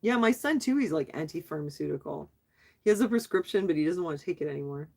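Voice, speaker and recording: A woman's voice: sits low, expressive, quick pace, vocal fry, darkish tone. A middle-aged woman hosting a casual livestream, chatting with viewers and reading their comments aloud, asking questions back and laughing often. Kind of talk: casual live chat.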